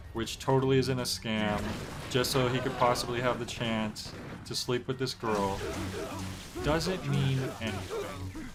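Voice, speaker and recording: A man streaming a video game, chatting in an easygoing, rambling way with lots of fillers. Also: medium pitch. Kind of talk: casual gameplay commentary. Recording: game music playing behind.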